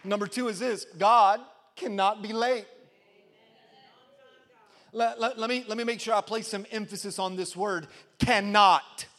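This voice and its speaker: High-pitched male pastor preaching with fervent call-and-response. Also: fairly even intonation, moderate pace, long pauses. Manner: call-and-response preaching, rising to loud emphatic peaks. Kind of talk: sermon.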